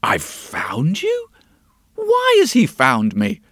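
A man's voice: very high-pitched, wildly swooping pitch, unhurried, fairly bright tone, no room sound, studio quality, voice pushed up, heavily acted. A man voicing a small, curious female fish in a spoken storybook tale, asking eager, wondering questions. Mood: puzzled.

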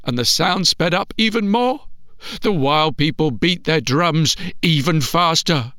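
A man's voice: a little high, no room sound, clean studio sound. A man narrating a children's story expressively, imitating sounds with his voice. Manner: expressive, imitates sounds, slow and hushed at times.

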